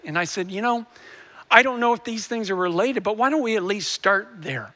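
Bright-voiced male pastor telling a story. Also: sits high, expressive, brisk. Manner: storytelling, earnest, with frequent restarts. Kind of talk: sermon.

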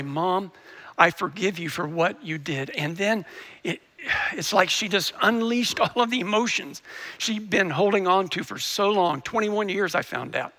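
A man's voice: sits high, sharp tone. A male pastor preaching a sermon, earnestly telling a story and often restarting his sentences.

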